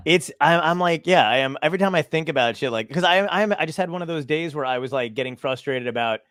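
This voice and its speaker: A man's voice: on the high side, animated, fairly quick, fairly bright tone, dry recording, clean studio sound. A man hosting a podcast in casual chat, talking in a rambling, restless, self-deprecating way, hyper and scattered. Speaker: podcast host.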